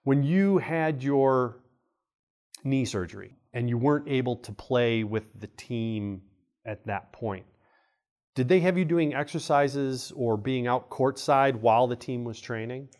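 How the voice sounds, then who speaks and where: A man, a kinesiology professor, explaining ideas in a relaxed podcast conversation and acting out the people in his stories. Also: mid-range voice, unhurried. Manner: animated storyteller, acts out quoted voices. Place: college podcast studio.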